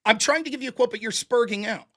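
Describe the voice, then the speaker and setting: A man's voice: extremely high pitch, fast talker, fairly bright tone. A man hosting a call-in show, arguing insistently and repeatedly demanding to be allowed to finish. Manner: insistent, keeps demanding to finish his point. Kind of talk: heated call-in debate.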